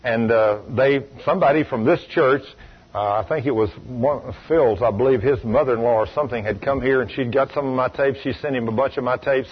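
Male preacher, husky voice, emphatic sermon storytelling, dull lo-fi recording. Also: mid-range voice, fairly quick. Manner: emphatic storytelling, rhetorical questions.

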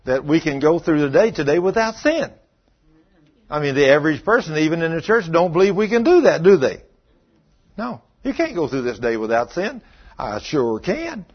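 A man's voice: on the high side, husky, lo-fi sound. A man preaching and telling chatty stories to his church, laughing often. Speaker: pastor. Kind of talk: folksy sermon storytelling.

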